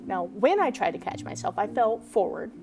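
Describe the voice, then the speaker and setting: A woman's voice: medium pitch, normal speed. Woman vlogger doing a storytime, dramatic and jokey about herself, music playing under her. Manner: animated, self-mocking, dramatic storytelling. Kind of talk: storytime vlog.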